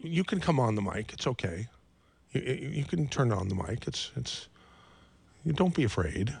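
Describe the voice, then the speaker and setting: A man's voice: medium pitch, sing-song, normal speed, creaky, a little mellow, husky. A man hosting a live call-in radio show, fumbling and repeating himself with self-mocking humor.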